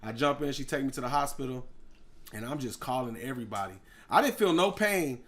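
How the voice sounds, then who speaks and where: A man, a rapper guest telling a story in an animated way, acting out other people's voices and loud sound effects. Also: mid-range voice, a little fast, background noise.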